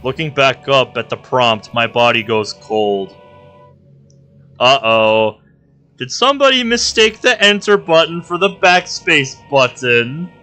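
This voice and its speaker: Male game streamer, dramatic read-aloud, slow and animated, faint music behind. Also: mid-range voice. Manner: reads narration aloud with emotional outbursts. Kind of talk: dramatic live reading of a visual novel.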